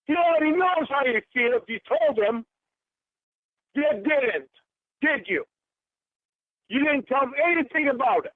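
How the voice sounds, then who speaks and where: A man's voice: very high voice, animated, unhurried, long pauses, no room sound. A man in a furious, swearing phone argument, hurling accusations. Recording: tinny phone line.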